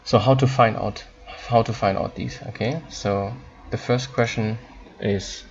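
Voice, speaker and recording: A man teaching German in an online lesson, explaining in halting English with frequent ums and repeated words. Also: on the low side, steady tone, lo-fi sound.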